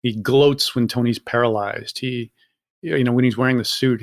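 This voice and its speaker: A man's voice: mid-range voice, fairly even intonation, moderate pace. A man with a mid-range voice talks through his views on a podcast. He speaks fluently and reflectively, in a casual tone. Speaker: podcast co-host. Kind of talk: casual discussion.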